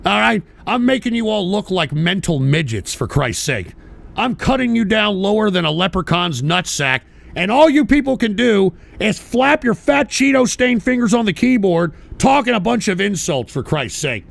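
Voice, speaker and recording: Male radio host, high and very animated voice, profane combative ranter who bursts into shouting. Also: moderate pace, creaky, few pauses. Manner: repeats "all right?" and "for Christ's sake". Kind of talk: political call-in rant.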